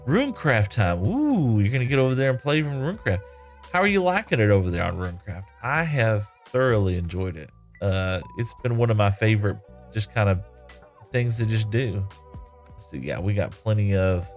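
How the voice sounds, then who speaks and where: A man's voice: fairly low pitch, darkish tone. A man live-streaming a game, chatting casually and reading viewer comments in a rambling, easygoing way, often laughing.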